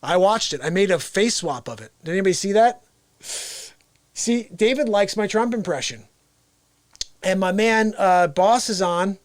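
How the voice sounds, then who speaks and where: A man hosting a live-streamed casual talk show, excitable and salesy, talking straight to his viewers. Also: high-pitched, moderate pace, long pauses, dry recording. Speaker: host.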